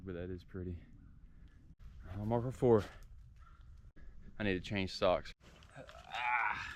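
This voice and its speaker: A low-voiced man with a Southern American drawl talks to his handheld camera as he hikes a forest trail. He is chatty and worn out, sore from many miles. A faint outdoor hiss sits under his voice. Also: takes it slowly. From southern United States. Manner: chatty, talking to the camera while hiking. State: tired and sore from a long hike. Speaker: hiking vlogger. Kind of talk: casual vlog narration on the trail.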